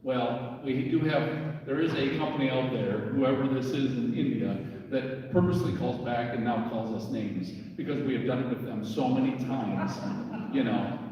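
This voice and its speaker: A man's voice: mid-range voice, fairly even intonation, moderate pace, muffled recording. A man giving a casual talk to an audience about scams, chatty and storytelling, laughing at his own jokes. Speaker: workshop speaker on scams. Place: echoey church hall. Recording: echoey hall from far off.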